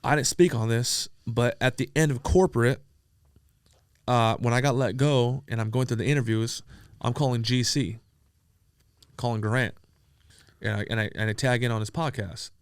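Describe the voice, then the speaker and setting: A man from San Diego telling profane, animated stories as an interview guest, acting out the dialogue he quotes. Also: medium pitch, moderate pace, pauses often, smooth, dry recording, clean studio sound. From San Diego, USA. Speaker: entrepreneur guest. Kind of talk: casual storytelling interview.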